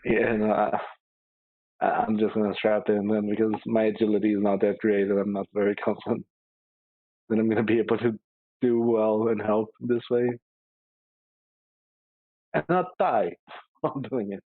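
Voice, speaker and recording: A man's voice: lowish voice, fairly even intonation, normal speed, pauses often, phone-quality sound. A man player talking casually and hesitantly during a tabletop game. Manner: hesitant, self-deprecating.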